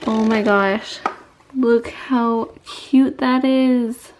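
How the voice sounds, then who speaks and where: A young woman gushes through an unboxing vlog, her voice sitting high yet soft and mellow. She talks at an unhurried pace, breaking into excited squeals over each item. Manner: gushing, squeals often. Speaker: beauty vlogger. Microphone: camera mic.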